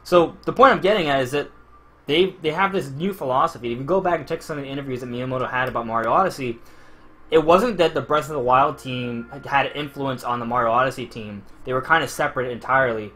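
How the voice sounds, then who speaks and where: A man hosting an online podcast, talking casually and at length. He restarts his sentences often and talks in a middle-pitched voice. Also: fast, sharp tone. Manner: rambling, many restarts. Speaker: podcast host.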